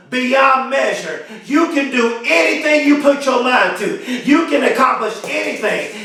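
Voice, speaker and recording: A high-voiced man delivers a motivational speech, drawing key phrases out slowly and climbing into shouted, repeated lines. The voice sits far from the mic, and a heavy echo rolls around every word. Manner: emphatic, repetitive, builds to shouts; drawn-out slow emphasis on key phrases. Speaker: motivational speaker. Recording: very echoey, voice from far off.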